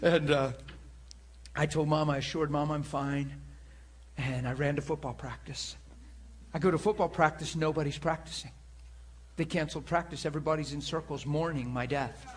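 A man's voice: on the high side, fairly even intonation, moderate pace, a little hiss or hum. A middle-aged male pastor preaching from the pulpit, telling a story with a rambling, self-amused manner. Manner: rambling, laughing at himself. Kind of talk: storytelling sermon. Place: church pulpit.

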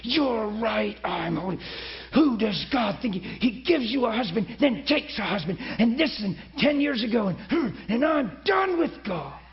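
A man voicing a distraught middle-aged woman who cries out in a high, anguished voice. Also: sing-song, measured pace, exaggerated voice. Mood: bitter, defiant. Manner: high-pitched, shouting in anguish. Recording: dull lo-fi recording.

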